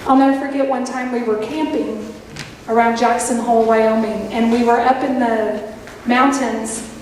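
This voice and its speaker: A woman preacher, giving a sermon in a folksy, animated storytelling way with playful asides to the congregation. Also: on the high side, normal speed. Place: church sanctuary. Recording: echoey hall, voice from a distance with background noise.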